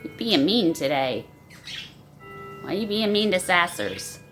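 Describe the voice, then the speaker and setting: Woman, pet owner, coaxing baby talk, slow, bright tone, phone recording at home. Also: fairly low pitch, big pitch swings, faint music behind. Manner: coaxing, sing-song baby talk to animals. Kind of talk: talking to pets. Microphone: phone camera.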